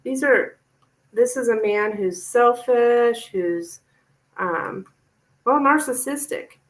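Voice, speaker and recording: A woman's voice: a little high, slow, low-quality recording. A woman tarot reader giving a chatty, reassuring live-stream reading to a viewer.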